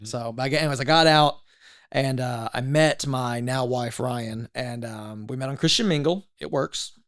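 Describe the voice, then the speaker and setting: A man in his thirties, a podcast guest telling his story in a casual, animated way, full of "like" and "legit". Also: medium pitch, normal speed.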